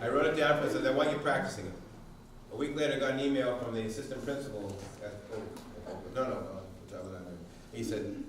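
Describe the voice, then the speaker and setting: Animated man telling stories in an echoey hall. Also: medium pitch, quick pace, background noise. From Massachusetts. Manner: animated storyteller who acts out quotes and sings snippets. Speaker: parenting workshop presenter. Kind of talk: storytelling talk to a parent audience. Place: large room at a town parent workshop. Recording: echoey hall recorded from far off.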